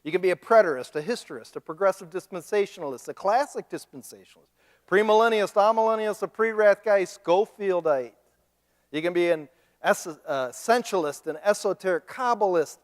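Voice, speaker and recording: A man preaching a sermon as pastor, animated and joking, mimicking the people he talks about. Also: high-pitched, a little fast. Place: church sanctuary. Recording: long reverb of a church hall.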